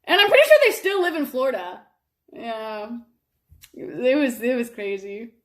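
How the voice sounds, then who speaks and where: High-pitched woman streamer chatting away, animated, stretches her words, lots of likes. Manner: animated storytelling with sudden high bursts and laughter; drawn-out words and frequent fillers. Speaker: live streamer. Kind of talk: casual chat on a live stream.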